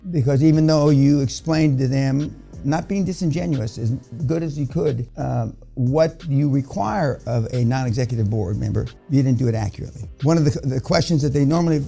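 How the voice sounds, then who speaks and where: A man's voice: mid-range voice, vocal fry, dark tone. An older man giving a blunt, profane motivational lecture to a seminar audience, rambling with many restarts. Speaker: seminar speaker.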